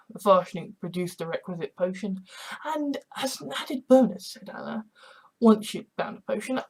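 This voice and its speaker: A woman's voice: mid-range voice, lively intonation, moderate pace, a little mellow, breathy edge, low-quality recording. Woman casually reading an audiobook. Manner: loose reading with stumbles and asides. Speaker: audiobook narrator.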